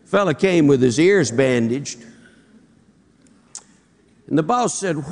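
A man telling jokes to an audience in a lively storyteller's manner. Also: on the high side, unhurried, long pauses, long reverb tail. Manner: lively storyteller, animated delivery.

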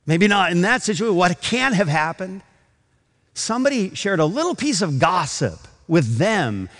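A man's voice: a little high, in a large hall. A man preaching a sermon, telling a story with acted quotes and building to emphatic points. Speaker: pastor.

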